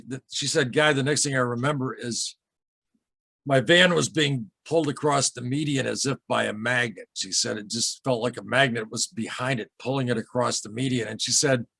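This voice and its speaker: Earnest husky man telling a strange story. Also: mid-range voice, bright, forceful tone, no echo. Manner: earnest, halting, repeats himself, emotional. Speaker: podcast guest, UFO experiencer. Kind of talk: emotional storytelling interview.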